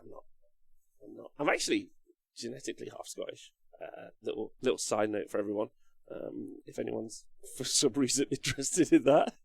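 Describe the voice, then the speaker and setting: Gravelly man chatting on stream. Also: mid-range voice, no room sound. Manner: rambling, swears casually, answers viewer comments aloud. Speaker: live-stream host reading chat. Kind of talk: casual live-stream chat.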